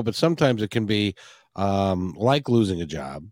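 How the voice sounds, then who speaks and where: Animated, chatty radio host man. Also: on the low side, moderate pace, background noise. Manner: enthusiastic, chatty, rambling. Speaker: radio talk show host. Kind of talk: upbeat radio interview.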